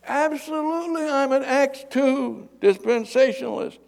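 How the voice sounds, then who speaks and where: A preacher voicing a distressed man on a bridge who shouts short answers downward, in a joke. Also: extremely high pitch, measured pace, vocal fry, pitched above the performer's own voice, heavily acted. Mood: yelling answers. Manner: yelling answers.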